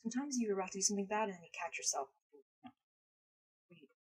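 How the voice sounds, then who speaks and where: A woman's voice: mid-range voice, fast talker, breathy edge, low-quality recording. A woman live streaming in casual chat, playful and blunt, swearing freely, speaking English as a second language. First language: not English.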